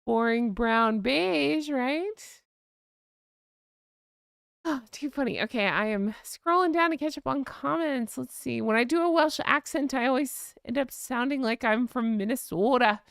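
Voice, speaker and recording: A woman's voice: high voice, measured pace, vocal fry, fairly bright tone, smooth, no echo, clean studio sound. An American woman hosting a casual live chat stream, chatting and reading out viewer comments. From United States. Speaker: livestream host.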